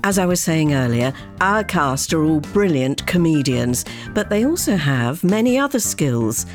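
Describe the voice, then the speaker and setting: A man's voice: fairly high pitch, sing-song, unhurried, soft background music. A man hosting a comedy show, giving wry scripted links. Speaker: show host.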